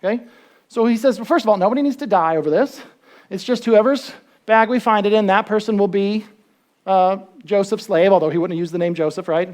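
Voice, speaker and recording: A pastor giving a sermon in a conversational way, asking the listeners questions and acting out the story as it goes. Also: medium pitch. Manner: animated storytelling, acts out quotes.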